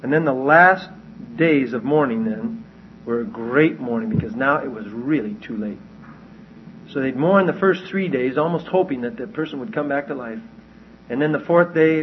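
A man's voice: medium pitch, moderate pace, a little hiss or hum. A man teaching verse by verse from the Bible in a conversational way, often asking his listeners questions. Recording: dull lo-fi recording.

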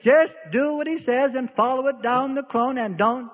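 A man's voice: very high voice, moderate pace. A man preaching a sermon in a folksy way, illustrating his points with everyday stories, heard on a lo-fi radio broadcast in an echoey hall.

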